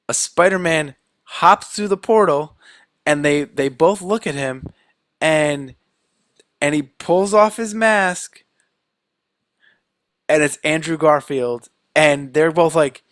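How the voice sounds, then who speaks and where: A man's voice: fairly high pitch, a little slow, long pauses, dry recording. A man co-hosting a podcast, retelling a film scene by scene and acting out the characters' lines in a casual chat. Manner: animated retelling, acting out quotes. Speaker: podcast co-host.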